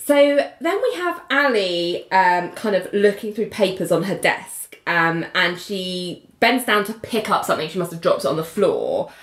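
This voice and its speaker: A woman's voice: lowish voice, normal speed, few pauses. A woman, chatting casually about a TV episode and acting out the characters' lines. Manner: animated, acts out characters' lines. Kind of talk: casual chat recapping a TV episode. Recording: echoey room.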